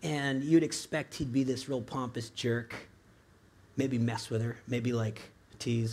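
A man's voice: mid-range voice, level tone, unhurried, a little mellow. A man preaching a sermon in a loose, conversational way, full of asides and rhetorical questions to his congregation. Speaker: pastor.

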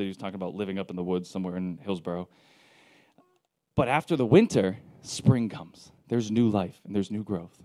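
A man preaching a casual sermon, telling stories in a joking, conversational way with lively asides. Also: on the low side, no room sound, studio quality. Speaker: pastor.

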